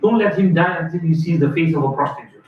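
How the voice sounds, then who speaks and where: A man's voice: a little high, fast talker. A man teaching a hadith lesson as a story, acting out the characters' voices and slipping Urdu phrases into his English. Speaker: religious teacher. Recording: echoey far-off phone-like recording.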